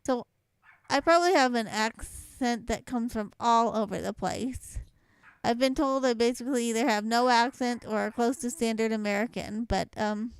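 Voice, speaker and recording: Reading through a word list, a young Louisiana vlogger with a mild Southwest Louisiana accent keeps chatting, rambling and laughing between words. She has a fairly high, clear, resonant voice at normal speed, captured in a dry recording with poor audio.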